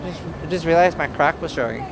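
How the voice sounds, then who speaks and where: Young Northern Irish streamer, higher voice, chatty and silly, loud traffic behind. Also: male voice, quick pace, creaky. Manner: chatty, goofy, rambling. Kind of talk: casual outdoor live stream. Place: outdoors on busy city streets. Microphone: handheld camera filming himself. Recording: street traffic noise behind.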